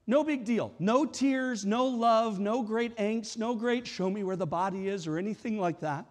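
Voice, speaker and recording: A man's voice: high voice, animated, moderate pace, in a large hall. A man preaching a sermon as a pastor, casual and conversational, acting out the lines he quotes.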